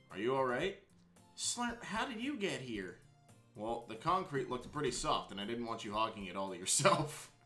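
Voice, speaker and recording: A young man streaming a visual novel game, reading it aloud with excitable asides, laughter and swearing. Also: fairly low pitch. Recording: roomy echo.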